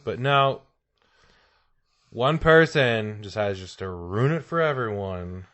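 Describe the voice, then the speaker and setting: Podcast host, man, rambling joker, low voice, dry. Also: animated, slow, fairly bright tone, no echo. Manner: rambling, joking storyteller with frequent "like". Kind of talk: casual comedy chat.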